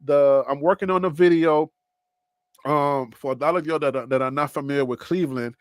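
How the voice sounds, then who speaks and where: A man's voice: a little high, a little fast, no room sound. A man hosting a sports talk show, speaking casually and repeating himself as he builds his point.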